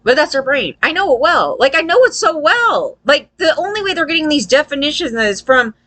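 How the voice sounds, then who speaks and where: A woman's voice: high-pitched, big pitch swings, a little fast, pushed and bright. A woman giving a loose, profane opinion rant to her viewers, often tagging lines with "right?" and acting out quoted people. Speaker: vlogger.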